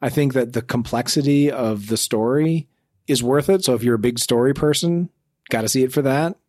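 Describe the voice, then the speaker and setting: A thoughtful man speaks as a podcast co-host in a measured, even way. His voice sits in a middle register. It is recorded close and dry, with no room echo. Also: medium pitch. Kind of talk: casual movie review chat.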